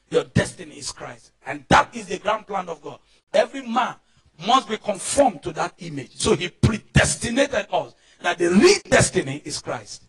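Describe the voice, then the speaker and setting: Fervent Nigerian man preaching, high and bright. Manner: fervent preaching, often shouting and calling for responses. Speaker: pastor. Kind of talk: sermon.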